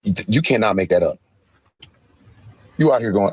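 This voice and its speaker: Deep-voiced mocking male commentator. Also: animated, moderate pace, long pauses, husky, no echo. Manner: mocking, acts out quotes in sing-song. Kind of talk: casual commentary.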